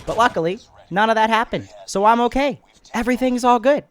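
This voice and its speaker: A man narrating a storytime vlog in an excitable, animated way, making fun of himself. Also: very high-pitched, a little fast. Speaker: YouTuber.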